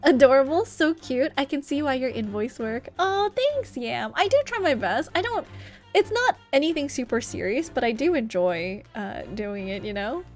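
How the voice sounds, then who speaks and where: A woman's voice: sits high, big pitch swings, moderate pace, faint music behind. A young woman streaming a game, chatting casually and reading the game's dialogue aloud with a giggly manner. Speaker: VTuber streamer. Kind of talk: casual live-stream gameplay chat.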